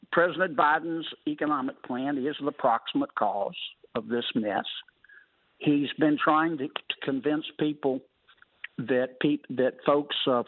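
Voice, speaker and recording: A senator from Louisiana calls in to a talk radio show over a phone line, speaking in a folksy, wry manner full of colorful sayings. His voice is mid-range with no room sound.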